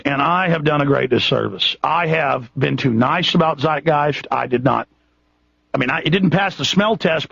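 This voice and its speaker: A man's voice: on the high side, creaky, a bit bright, no echo. A man hosting a radio show, ranting in an impassioned, indignant way with many restarts. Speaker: radio host. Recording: dull lo-fi radio broadcast, dry.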